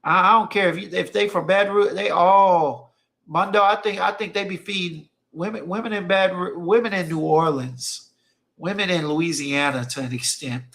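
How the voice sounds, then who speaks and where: Gravelly yet a bit bright, this man's high voice moves at normal speed as he hosts a stream. He reads chat and tells casual stories emphatically, often repeating phrases for effect.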